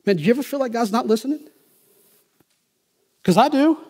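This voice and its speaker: High-voiced emphatic male preacher. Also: animated, brisk. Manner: emphatic, swings from quiet to loud. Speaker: pastor. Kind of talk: sermon.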